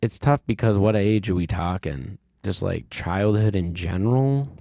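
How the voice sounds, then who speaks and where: A low-pitched man with a gravelly, fry-heavy voice hosts a casual podcast, rambling through a story with plenty of fillers and frank swearing. He sounds dry and close to the mic, with no room around him. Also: moderate pace, dark tone, no room sound. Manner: rambling, candid, swears freely, many fillers. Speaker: podcast host.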